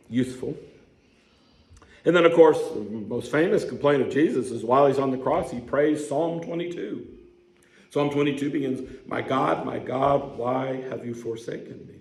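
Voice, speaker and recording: A man's voice: medium pitch, darkish tone, roomy sound, rough recording. A man preaching a sermon as a pastor, telling the story in a conversational way and putting questions to the congregation. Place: church sanctuary.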